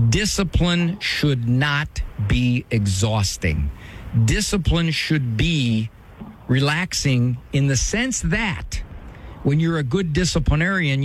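A man's voice: medium pitch, slight background noise. A man hosting a call-in advice show, coaching a caller directly and bluntly. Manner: direct, coaching, acts out quoted voices. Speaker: radio advice show host.

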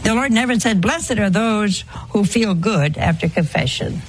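An older woman giving a conversational religious talk, folksy and gently humorous, full of rhetorical questions. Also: medium pitch, lively intonation, normal speed, a little hiss or hum. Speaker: religious speaker. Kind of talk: talk to an audience on confession.

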